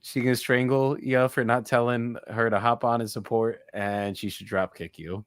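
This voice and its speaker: A young man hosting a casual livestream chat, excitable and joking, swearing casually as he talks. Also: mid-range voice, normal speed, no room sound, clean studio sound. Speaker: livestream host.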